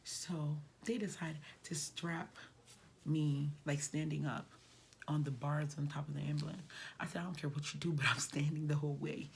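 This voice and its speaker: A woman's voice: low voice, flat delivery, normal speed, gravelly, a little hiss or hum. A woman vlogger telling a personal story in a casual, conversational way, sometimes dropping to a near whisper.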